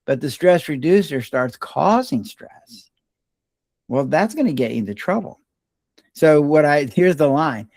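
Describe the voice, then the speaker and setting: An older man, a retired doctor and podcast guest, telling stories in a relaxed, rambling way and often restarting his words. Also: fairly high pitch, no echo, clean studio sound. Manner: relaxed, rambling storyteller who restarts words mid-sentence. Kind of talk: casual storytelling conversation.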